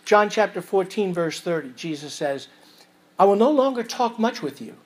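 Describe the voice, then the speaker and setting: A man preaching an expository sermon as pastor, reading scripture aloud and swinging between loud emphasis and quiet asides. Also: sits high, lively intonation, normal speed, husky.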